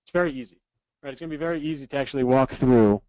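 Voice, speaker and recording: Upbeat instructor who keeps asking "right?". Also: male voice, mid-range voice, racing, dark tone, dry recording, muffled recording. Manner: repeats "right?" after nearly every point, upbeat and instructive; reads out viewer comments from a live chat. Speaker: online course instructor. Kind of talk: live webinar teaching.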